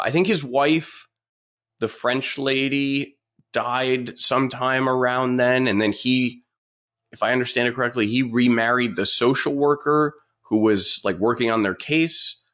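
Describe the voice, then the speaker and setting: Male podcast host from New York, storytelling monologue, animated, slips into voices for quotes. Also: medium pitch, measured pace. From New York City. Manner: chatty, animated, voices others in quoted asides. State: sick with Covid.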